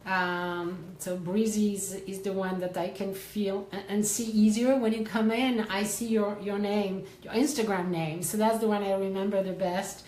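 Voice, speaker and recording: A woman's voice: medium pitch, steady tone, normal speed, few pauses, a little mellow, echoey room, low-quality recording. A woman from France with a French accent, hosting a life coaching livestream in casual chat and greeting viewers by name with effusive enthusiasm. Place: her office.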